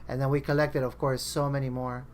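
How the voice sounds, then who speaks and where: His voice is mid-range, his delivery flat and brisk. As podcast host he talks casually, drifting from story to story and voicing his friends' quoted lines himself.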